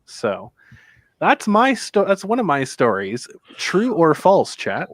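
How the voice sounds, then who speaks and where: A man hosts a loose chat, pausing on fillers between his thoughts. His pitch moves a lot from high to low. The sound is dry and close. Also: wildly swooping pitch, no echo. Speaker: host. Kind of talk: casual podcast chat.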